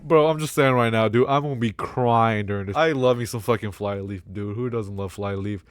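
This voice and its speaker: A young man rambling casually as a vlogger, excitable, swearing a lot and laughing often between remarks. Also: fairly low pitch, fairly quick, music in the background.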